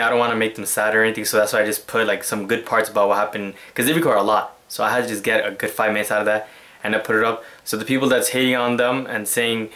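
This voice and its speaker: A young man hosting his own vlog, chatting in an animated, slangy way and acting out quotes. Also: lowish voice. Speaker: vlogger host. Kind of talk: casual vlog chat.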